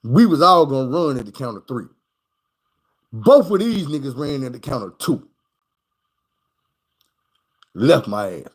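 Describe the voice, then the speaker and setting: A man's voice: mid-range voice, unhurried, pauses often, rough recording. A man casually telling a story in loose, profane street talk, acting out the people in it. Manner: animated, acts out the people in his story. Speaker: streamer.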